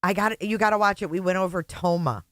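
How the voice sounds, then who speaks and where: A woman's voice: on the low side, fast talker, a bit bright, no room sound. Sarcastic woman livestream host. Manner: sarcastic, mocking, laughs often. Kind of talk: casual livestream commentary.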